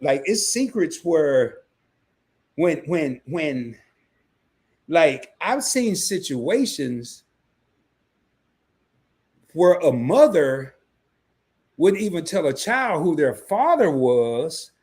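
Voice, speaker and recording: Male co-host, husky, animated, slightly high voice. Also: very slow, pauses often. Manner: animated, jumps into a high excited voice when making a point. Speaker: podcast co-host. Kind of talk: casual podcast talk.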